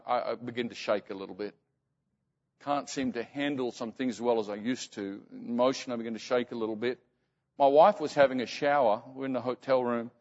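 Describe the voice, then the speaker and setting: A man preaching as a pastor, telling a story and often halting and repeating words. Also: mid-range voice, darkish tone. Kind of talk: sermon storytelling. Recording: muffled sound in reverberant hall.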